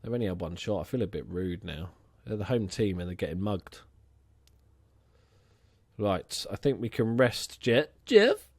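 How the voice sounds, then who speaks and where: A young man casually commentating his own football management game, chatty and excitable, swearing now and then. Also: low voice, normal speed, long pauses, dry recording, studio quality. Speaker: let's play host.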